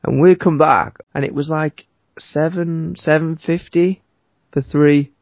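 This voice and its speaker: Gravelly man telling a rambling story. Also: on the high side, measured pace, dry recording. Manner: rambling, animated, laughs often. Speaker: podcast co-host. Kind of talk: casual storytelling chat.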